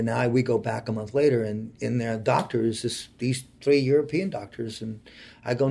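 A man in his forties speaks as an interview guest, his voice carrying a gravelly, creaky edge at a middling pitch. He tells his own story with earnest feeling, often letting his voice drop low and soft. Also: fairly even intonation, normal speed. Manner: heartfelt, earnest, often dropping to a quiet voice. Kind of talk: personal storytelling in conversation.

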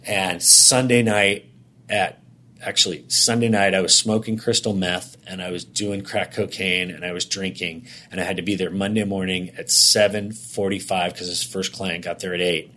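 A man telling a candid personal story as an interview guest, in long run-on sentences that act out the dialogue. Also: deep voice. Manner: animated, rapid run-on sentences, acting out dialogue.

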